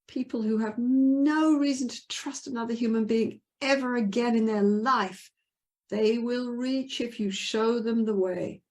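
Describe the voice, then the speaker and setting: A woman's voice: medium pitch, a little mellow. An older woman, a couples therapist, answering interview questions in an earnest, emphatic way and acting out the voices she quotes.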